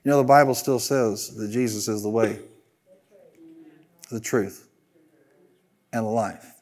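A man's voice: lowish voice, measured pace, darkish tone. A man preaching a sermon as pastor, driving his points with repeated phrases and leading the congregation in call-and-response.

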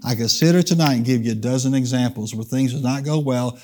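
A man's voice: medium pitch, fast talker, dark tone. A man preaching a sermon, leading the congregation in call-and-response and changing his pace for emphasis. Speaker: pastor. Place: church.

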